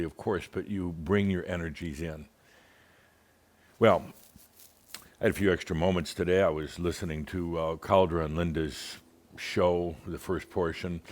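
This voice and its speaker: A man giving a channeled spiritual talk in a theatrical, wry, teasing manner. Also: sits low. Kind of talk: monthly spiritual gathering talk.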